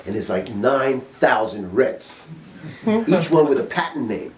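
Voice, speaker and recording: A man's voice: fairly low pitch, lively intonation, brisk, darkish tone, slight background noise. Blunt older man teaching sax, roomy. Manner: blunt, informal, quizzes the class, swears casually. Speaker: saxophone teacher. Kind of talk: master class teaching. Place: music studio. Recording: roomy sound from a distant mic.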